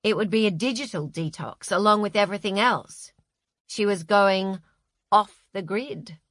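A woman narrates a novel as an audiobook, reading a script with wry, expressive storytelling. Her mid-range voice moves a little slowly, recorded at studio quality with no echo.

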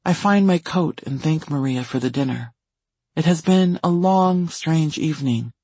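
A man reading a first-person story aloud in a steady audiobook narration. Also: on the high side, a little slow, slightly rough, no room sound.

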